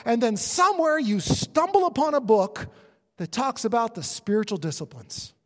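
Male preacher, high voice, lively sermon delivery, long reverb of a hall. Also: normal speed. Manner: animated, acts out inner voices of believers.

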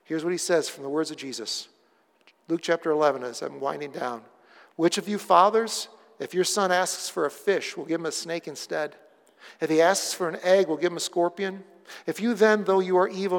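A man preaching a sermon as pastor, moving from hushed pleading to loud, excited storytelling. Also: a little high, creaky. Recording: long hall reverb.

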